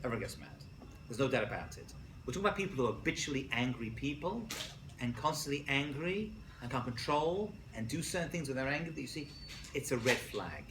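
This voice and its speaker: Lively male rabbi lecturer, bright voice, echoey college room, jokes with the class. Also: mid-range voice, brisk, noisy background. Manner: jokey, asks the class questions. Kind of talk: animated lecture with stories.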